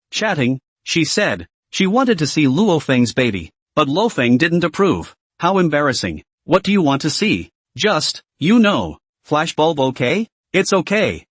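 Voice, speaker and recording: Guy narrating a comic recap, bit high voice, bouncy lively delivery, dry close mic. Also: no room sound. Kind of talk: scripted narration.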